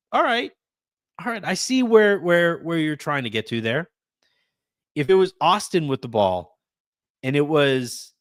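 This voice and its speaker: Animated man hosting a sports podcast. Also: fairly high pitch, no room sound, studio quality. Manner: animated, repeats words and restarts often. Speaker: podcast host. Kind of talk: casual sports talk.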